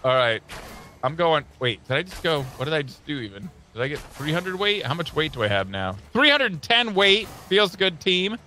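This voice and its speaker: A young man hosting a let's play, chatting excitedly about the game, shouting and joking. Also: on the high side, normal speed, soft background music. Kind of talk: excited gameplay chat.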